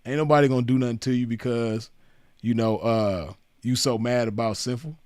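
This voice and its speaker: Speaking to the camera at normal speed, a male commentator with a mid-range, fairly even, slightly mellow voice mocks someone in laid-back, foul-mouthed street slang. He keeps dropping "man" and "you know what I mean"; the recording is clear and resonant, with studio quality and no room sound.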